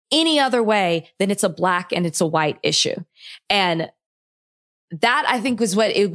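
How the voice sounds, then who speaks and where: A young adult woman co-hosting a podcast, speaking with frustrated passion and close to tears. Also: mid-range voice. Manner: impassioned, frustrated, near tears. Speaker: podcast co-host. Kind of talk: emotional podcast commentary.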